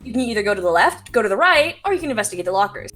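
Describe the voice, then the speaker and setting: A woman's voice: medium pitch, big pitch swings, very fast, a bit bright, faint music behind. A woman narrating a tabletop game as game master, laughing often and swearing casually.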